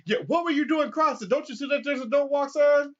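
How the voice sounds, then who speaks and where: A man's voice: very high voice, brisk, pitched above the performer's own voice. A man voicing a stern street cop who barks accusing questions. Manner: barking, accusing. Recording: dull lo-fi recording.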